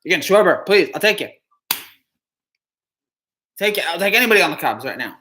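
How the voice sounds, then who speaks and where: A man's voice: high-pitched, very animated, fairly quick, pushed and bright. Bummed out guy live streaming, stammers and repeats himself a lot. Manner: dejected, repetitive, stammering.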